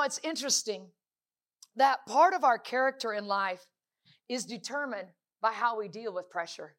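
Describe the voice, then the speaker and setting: A woman's voice: a little high, a bit bright. A woman preaching a sermon, emphatic and repetitive, stacking rhetorical questions.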